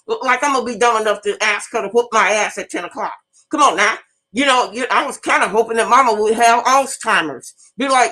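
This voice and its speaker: A woman's voice: fairly high pitch, animated, moderate pace, sharp tone, poor audio. A woman, raised in the sixties emphatic radio host talking to listeners. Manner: storytelling, addresses audience directly, emphatic and blunt. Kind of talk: casual monologue to listeners.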